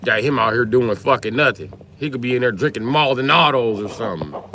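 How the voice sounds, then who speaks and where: A man live streaming, ranting in loud, profane comedy commentary over a video. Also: mid-range voice, fairly quick, a little hiss or hum.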